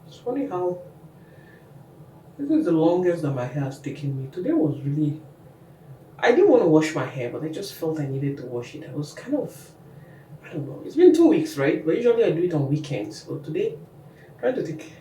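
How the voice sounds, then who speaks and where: A woman's voice: deep voice, sing-song, moderate pace, pauses often, dark tone. A woman walking viewers through her hair care routine in a casual, chatty how-to vlog. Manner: chatty, talks the viewer through each step. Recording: echoey room, mic at a distance, faint noise.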